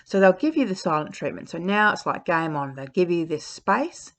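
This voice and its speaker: A woman's voice: on the low side, very animated, moderate pace, a bit bright. A woman giving frank relationship advice in a casual talk, speaking bluntly with frequent fillers.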